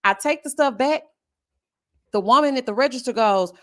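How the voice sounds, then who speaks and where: A woman in her forties telling a personal story to her viewers in a casual, animated vlog, speaking straight to the audience. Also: high-pitched, normal speed. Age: 40s. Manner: animated, addresses viewers directly. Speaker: vlogger.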